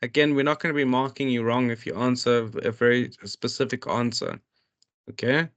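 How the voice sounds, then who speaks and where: A man's voice: medium pitch, steady tone, normal speed, fairly bright tone. A man tutoring, reading out workbook questions and explaining each one, with many restarts and fillers. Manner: reads questions aloud then explains them. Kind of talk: walking students through a workbook.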